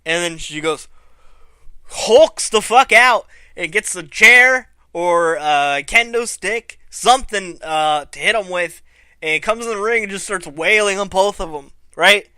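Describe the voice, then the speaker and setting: A man casually reviewing a wrestling show, swearing freely and retelling the action with animated energy. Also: high voice, a little slow, smooth, no room sound. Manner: profane, animated storytelling. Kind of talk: casual commentary.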